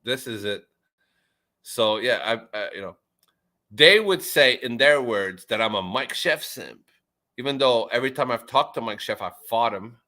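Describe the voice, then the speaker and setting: Man, mid-pitch bright edgy voice, sweary loud stammering ranter in a casual chat. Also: animated, moderate pace. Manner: loud, swearing, pitch jumping when riled; stammers and repeats himself. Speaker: chat participant. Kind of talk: casual profane rant.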